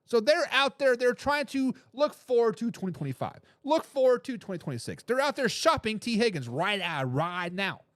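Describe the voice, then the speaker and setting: Male sports talk host, high and very animated pitch, emphatic and repetitive, dry close sound. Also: normal speed, hardly any pauses, dry recording. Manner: emphatic, repeats his points; laughs between remarks. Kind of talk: casual sports commentary, reading viewer comments.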